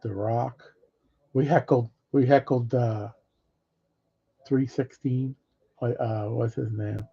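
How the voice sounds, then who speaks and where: A man's voice: mid-range voice, fairly even intonation, slow, gravelly, breathy edge. A middle-aged man casually rambling through old stories, swearing freely and laughing between them. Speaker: vlogger. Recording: dull lo-fi audio.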